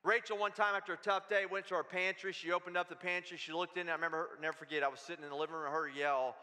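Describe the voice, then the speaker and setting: A man's voice: high voice, fairly even intonation, racing, bright, forceful tone, big-room sound. A man preaching a sermon as pastor, in a casual, conversational way with asides.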